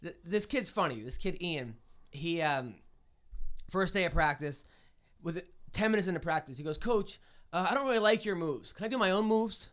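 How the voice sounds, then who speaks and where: A man's voice: high voice, animated, moderate pace, fairly bright tone. A man co-hosting a podcast, telling rambling, profane, jokey stories in casual chat. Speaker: podcast co-host and comedian; youth wrestling coach.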